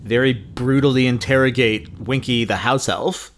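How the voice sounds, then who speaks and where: A man's voice: mid-range voice, moderate pace, slight background noise. A man co-hosting a podcast, adding thoughtful points in casual chat. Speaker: podcast co-host.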